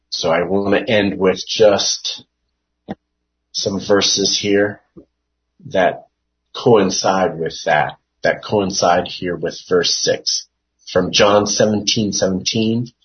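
A man leading an informal Bible study, reading verses and explaining them in an unhurried way, thinking aloud with many fillers and restarts. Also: low voice, highs cut off.

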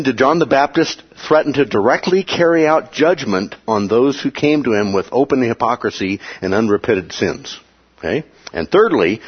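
Husky, lively man teaching a Bible class. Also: mid-range voice, muffled recording. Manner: animated, acts out quoted voices, checks in with 'okay?' and 'right?'.

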